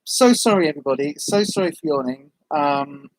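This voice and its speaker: A woman's voice: low-pitched, expressive, brisk, no echo. A woman chatting casually on a livestream, reading out viewer comments in a rambling, friendly way with lots of ums. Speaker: vlogger, livestream host.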